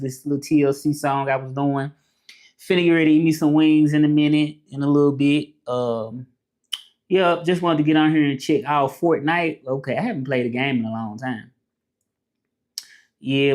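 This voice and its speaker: A man's voice: on the high side, darkish tone. A young man with a Southern American accent, chatting loosely on a live stream, greeting viewers and dropping in short French phrases that he then translates. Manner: greets chat viewers by name. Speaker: vlogger live-streaming to followers. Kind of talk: casual live-stream chat.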